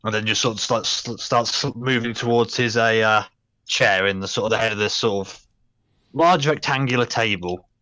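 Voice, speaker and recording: A young man narrating as game master in a tabletop game, talking haltingly with many fillers. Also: on the low side, sharp tone, no room sound.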